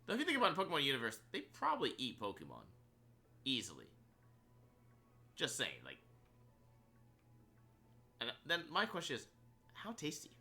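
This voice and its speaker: Bright, lively-voiced male streamer. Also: medium pitch, normal speed, creaky, long pauses, soft background music. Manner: rambling, filler-heavy, laughs often. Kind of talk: casual live-stream chat while gaming.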